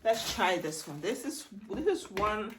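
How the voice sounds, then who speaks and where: Excitable chatty woman vlogging at home. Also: medium pitch, measured pace, heavy background noise. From Netherlands. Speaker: beauty vlogger. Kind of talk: casual try-on haul vlog. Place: home room. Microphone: camera set down, handheld mic removed.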